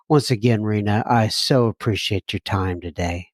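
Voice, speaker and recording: A man's voice: on the low side, moderate pace, dry recording, clean studio sound. A man hosting a casual podcast, talking earnestly with plenty of fillers and frequent chuckles. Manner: chuckles often while talking; earnest and warm-hearted, with many fillers. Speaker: podcast host.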